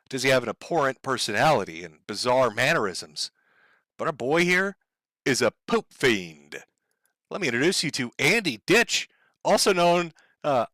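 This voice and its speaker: A man's voice: fairly high pitch, pushed and bright, no echo. A man hosting a video commentary, talking sarcastically and animatedly, often breaking into laughter. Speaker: online commentary host.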